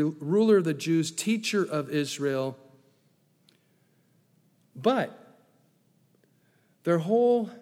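A man preaching a sermon as pastor, playful and animated, dropping to hushed tones for emphasis. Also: a little high. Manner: animated, playful asides with sudden hushed drops. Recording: long echo of a large hall.

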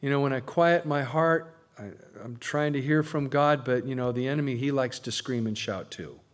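A man preaching a sermon to a congregation, swinging between loud emphasis and quiet asides. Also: mid-range voice, moderate pace. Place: church before a congregation.

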